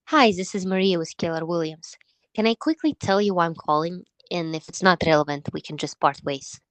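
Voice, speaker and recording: A woman real estate agent practicing a cold call, asking slow, careful, scripted questions. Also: fairly low pitch, no room sound. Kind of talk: sales call role-play.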